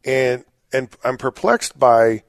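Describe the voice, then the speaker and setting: A man's voice: mid-range voice, expressive, slow pace, no room sound, studio quality. A man co-hosting a sports talk show, giving firm opinions and often repeating words as he starts. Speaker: sports radio co-host.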